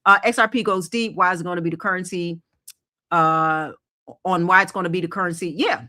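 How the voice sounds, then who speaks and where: Bright-voiced woman livestream host. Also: lowish voice, steady tone, brisk. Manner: emphatic, rhetorical questions, repeats herself. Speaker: host of a crypto investing livestream. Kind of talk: live stream talk reading chat comments.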